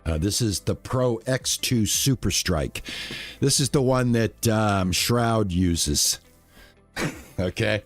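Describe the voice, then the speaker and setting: A man chatting casually on a live stream, relaxed and thankful, with lots of fillers and restarts. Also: lowish voice, slow pace, soft background music.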